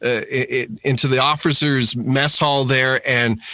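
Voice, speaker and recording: A man's voice: medium pitch, moderate pace, few pauses, sharp tone, no room sound. A man chatting on a podcast, rambling enthusiastically with frequent restarts. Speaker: podcast panelist. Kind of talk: casual podcast chat.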